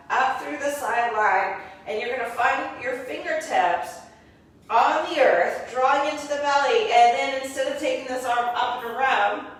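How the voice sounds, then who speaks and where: A woman teaching a guided yoga class, calmly cueing each move step by step with spiritual encouragement. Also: sits high. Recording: very echoey room, voice from a distance.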